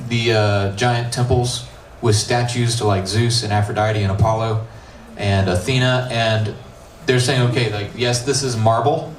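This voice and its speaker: Laid-back American youth pastor in a roomy hall. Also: male voice, lowish voice, steady tone, unhurried, hardly any pauses. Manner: casual, joking, slangy asides between scripture reading. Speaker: middle school pastor. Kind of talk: youth sermon. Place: church youth room. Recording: roomy, distant, faint hiss.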